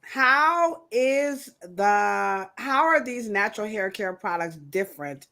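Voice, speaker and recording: Podcast hostess, bright clear voice, animated and emphatic, riffs and jokes with the chat. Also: female voice, mid-range voice, takes it slowly. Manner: animated, emphatic, joking rants. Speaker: podcast host. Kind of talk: casual chat.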